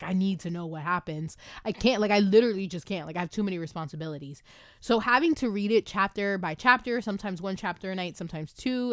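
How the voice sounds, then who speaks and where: A woman host excitedly talking through a book she loves, gushing with lots of fillers, in a casual review chat recorded at home on a desk microphone. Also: mid-range voice, smooth, no echo, studio quality. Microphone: desk microphone with camera.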